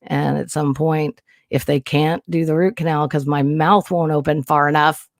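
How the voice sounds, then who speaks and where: A woman's voice: low-pitched, fairly even intonation, normal speed, no echo, clean studio sound. A woman hosting a casual livestream, talking candidly and rambling, nervous and emotional. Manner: rambling, candid, frequent restarts and swearing. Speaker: livestream host. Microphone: new studio mic.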